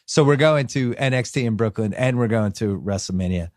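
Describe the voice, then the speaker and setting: A male podcast host with a medium-pitched, darkish voice talks fairly quickly in clean studio sound with no room echo. Upbeat and rambling, he runs through the show's lineup, frequently restarting his sentences.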